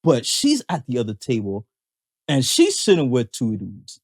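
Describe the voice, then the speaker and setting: A man's voice: mid-range voice, wildly swooping pitch, measured pace, breathy edge, dry recording, studio quality. A man co-hosting a podcast in casual chat, talking in hesitant restarts and laughing often. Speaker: podcast co-host.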